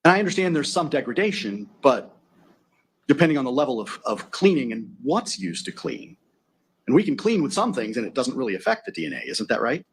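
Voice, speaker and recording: Acting as defense attorney, a man cross-examines a witness in court methodically, using leading tag questions. His voice is husky and medium-pitched, sing-song and brisk.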